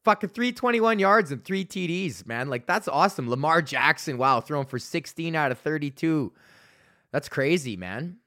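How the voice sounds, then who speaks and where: A man's voice: a little high, animated, moderate pace, bright, forceful tone. A male comedian hosting a solo podcast, ranting in a loose, rambling, profane way.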